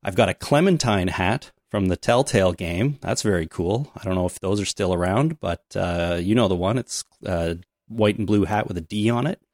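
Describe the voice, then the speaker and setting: An easygoing man hosts a podcast in a casual, joking tone. His voice sits low, and the sound is dry and close. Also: a little mellow, no echo. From Canada. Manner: easygoing, joking, with filler pauses. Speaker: podcast host. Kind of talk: casual chat.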